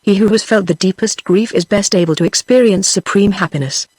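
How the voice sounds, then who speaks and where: A text-to-speech voice of a woman with a British accent, reading a classic novel aloud and voicing every character in the same even manner. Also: medium pitch, fairly quick, slightly rough, no room sound. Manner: even, unvarying delivery of all characters. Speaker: narrator.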